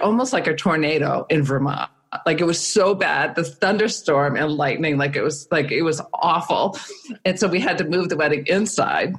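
A middle-aged woman telling a frank personal story in casual conversation, self-mocking and acting out what people said. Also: low voice. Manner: frank, self-mocking, with frequent laughs and acted-out quotes.

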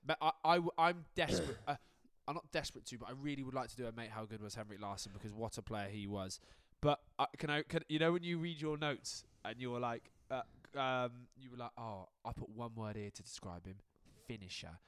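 A man's voice: medium pitch, quick pace, few pauses, fairly bright tone, clean tone, dry recording, studio quality. A man co-hosting a podcast, chatting about football in a casual, sweary, joking way. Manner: swearing, laughing banter. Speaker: podcast co-host.

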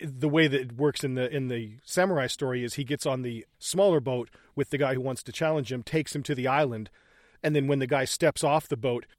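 A man co-hosting a casual film commentary podcast, animated and joking crudely, laughing often. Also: mid-range voice, no room sound, clean studio sound. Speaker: podcast co-host.

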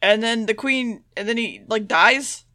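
Bright-voiced woman giving a flippant, sweary recap. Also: fairly high pitch, unhurried. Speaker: podcast co-host. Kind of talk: casual plot recap.

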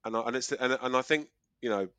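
A middle-aged man from Kent in South East England, now living in Australia, co-hosts a podcast. His medium-pitched voice is fast, sharp, clear and resonant, recorded dry, with a South East English accent. He chats casually, rambling through a story with fillers and restarts.

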